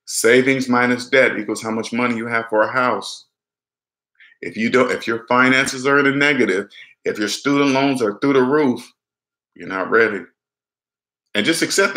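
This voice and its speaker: A man's voice: medium pitch, pushed and bright. Emphatic man giving money advice. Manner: emphatic, repetitive, acts out little dialogues. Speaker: personal finance vlogger. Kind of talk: casual direct-to-camera advice. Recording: echoey room.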